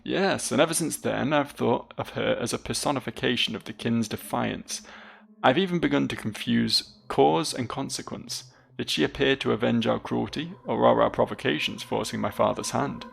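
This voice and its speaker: An anxious, suspicious young nobleman from a video game, read aloud by a man. The voice is heavily gravelly. Lines run earnest and dramatic, with high lifts on worried questions. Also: normal speed, fairly bright tone. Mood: brooding.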